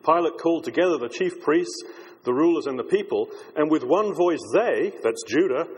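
A man's voice: fairly high pitch, lively intonation, normal speed, slight background noise. A male preacher giving a reflective, discursive sermon, often restarting his phrases as he thinks aloud. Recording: long hall reverb.

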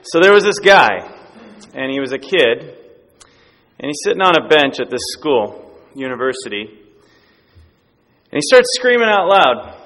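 A man preaching a sermon who tells a story with emphatic, animated delivery and frequent restarts. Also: fairly high pitch, moderate pace, pauses often. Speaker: pastor. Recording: echoey hall.

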